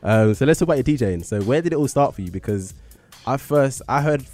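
A man's voice: medium pitch, expressive, quick pace, darkish tone, soft background music. A man hosting a radio show from a studio, chatting and joking casually with his guest. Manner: chatty, joking, laughs easily.

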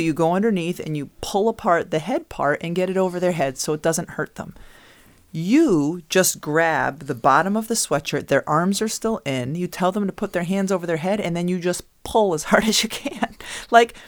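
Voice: medium pitch, no room sound. Teasing co-host laughing through a chat. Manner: teasing, laughs while talking. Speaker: podcast co-host. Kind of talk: casual chat.

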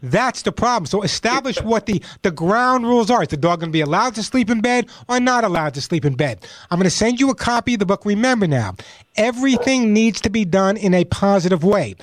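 This man hosts a call-in pet show on the radio, and his voice sits high, expressive and brisk, with no echo. He gives emphatic advice, repeats his points, and does dog voices for laughs.

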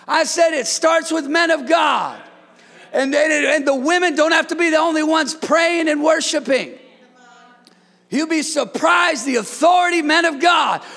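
Gravelly high-pitched pastor guy, preaching loud then joking around, church sermon. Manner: preaching with shouted emphasis and playful asides.

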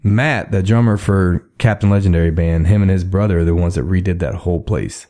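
A man's voice: sits low, brisk, mellow. A man, hosting a podcast in a rambling, laid-back way and laughing often. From Texas. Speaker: podcast host. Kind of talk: casual chat. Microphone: studio microphone.

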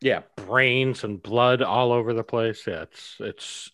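A man's voice: mid-range voice, takes it slowly, fairly bright tone, dry recording. A man chatting casually as a podcast co-host, laid-back and swearing freely. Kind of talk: casual chat.

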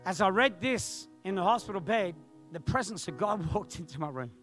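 A male pastor telling a personal testimony in a sermon, animated and acting out the voices of others. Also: high-pitched, moderate pace, soft background music. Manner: animated storytelling, acts out quoted voices.

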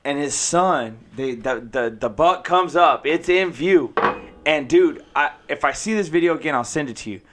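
A man in casual chat who agrees readily and chimes in often. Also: fairly high pitch. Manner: agreeable, chiming in with quick affirmations.

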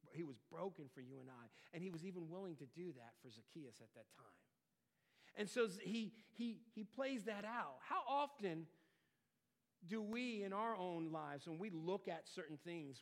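A man preaching a sermon, earnest, swelling louder and dropping quiet for emphasis. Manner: earnest, rises and falls in pitch and loudness for emphasis. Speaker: pastor.

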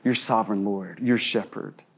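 A man's voice: lowish voice, steady tone, breathy edge. Conversational male pastor preaching. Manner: conversational preaching, many rhetorical questions; shifts between quick asides and slow, hushed emphasis. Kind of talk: sermon.

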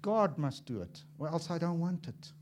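A man preaching a sermon as an evangelist, impassioned and swinging from loud to hushed, acting out little dialogues as he tells stories. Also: on the high side, animated, normal speed, slight background noise. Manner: acts out dialogue in storytelling.

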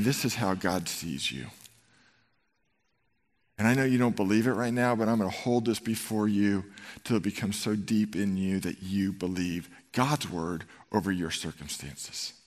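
A man's voice: lowish voice, normal speed. A man in his fifties preaching a sermon to a congregation, telling stories and acting out the scenes in them. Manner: animated storytelling, acts out scenes. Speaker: pastor. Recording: long hall reverb.

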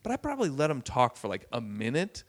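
A stand-up comedian with a medium-pitched voice tells a story quickly in casual chat. He's animated, acting out the voices of the people in it whenever he quotes them.

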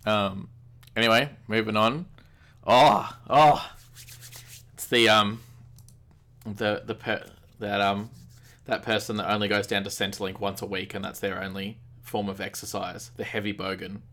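A low-pitched but bright-sounding Australian man chatting loosely about video games on a podcast. He rambles with fillers and eats dinner as he talks. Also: unhurried. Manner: relaxed, rambling, many fillers. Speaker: podcast co-host. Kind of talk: casual gaming chat.

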